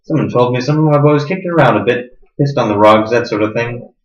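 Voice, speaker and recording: An actor playing a smug, sadistic middle-aged interrogator who sneers and swings between hushed menace and sudden loudness, in a roomy, dull recording. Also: male voice, mid-range voice, a little fast, close to an everyday voice. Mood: menacing. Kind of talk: stage drama acting.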